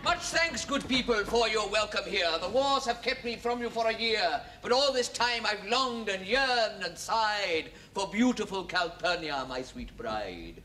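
An actor playing a boastful, grandiose Roman emperor in a comic sung operetta, in mock-Shakespearean verse. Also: male voice, sits high, expressive, a little slow, hardly any pauses, sharp tone, full character voice. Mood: grand. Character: pompous boastful Roman emperor Caesar, man. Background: orchestral music.

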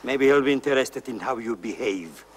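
An actor playing a pompous opera house manager who talks down to a singer. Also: male voice, mid-range voice, lively intonation, moderate pace, a little hiss or hum, natural voice. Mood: stern. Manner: haughty, threatening.

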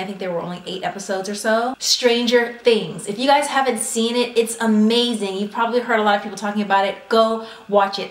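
A woman talks through her monthly favorites in a casual vlog, animated and chatty, acting out her own reactions as she goes. Her voice sits at a middle pitch, and the room around her gives it a noticeable echo. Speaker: vlogger.

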